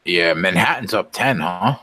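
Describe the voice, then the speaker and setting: A man co-hosting a casual sports betting podcast, blunt and quick to swear. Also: low-pitched, animated, bright, forceful tone, slightly rough, no echo. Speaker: podcast co-host.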